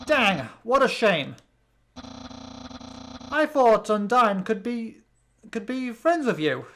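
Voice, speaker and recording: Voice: mid-range voice, very animated, takes it slowly, a bit bright, a little hiss or hum, exaggerated voice. A British player reading an eager skeleton. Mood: upbeat. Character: cheerful male skeleton, eager and friendly.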